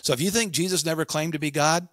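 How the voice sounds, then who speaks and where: A man hosting a podcast, delivering a scripted teaching monologue with emphasis and talking straight to his listeners, slowing down on key points. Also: on the high side, fairly bright tone, no echo, clean studio sound. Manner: emphatic, addresses listeners directly. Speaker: podcast host.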